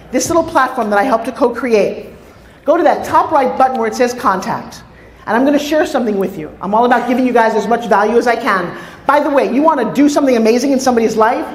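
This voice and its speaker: A woman with a New York accent giving an energetic motivational stage talk, telling stories with asides to the audience. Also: on the high side. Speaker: motivational speaker. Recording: echoey hall.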